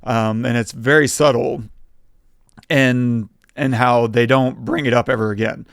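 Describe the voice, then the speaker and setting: A man's voice: mid-range voice, steady tone, a little slow, vocal fry, dry recording. Dry-voiced man breaking down film craft. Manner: methodical, builds points step by step. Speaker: podcast co-host, film reviewer; writer. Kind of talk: casual film-analysis chat.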